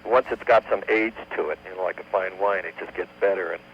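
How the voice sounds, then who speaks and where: A man, a comedian guest on a radio talk show, telling a long joke at an unhurried pace and humming tune bits as he goes. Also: low-pitched, vocal fry. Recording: dull lo-fi AM radio archive with faint hum.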